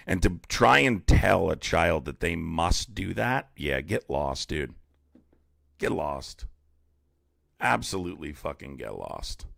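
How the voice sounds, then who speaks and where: A man's voice: sits low, gravelly, a bit bright, dry recording, clean studio sound. A man streaming a heated debate, blunt and profane, arguing with callers and reading chat aloud.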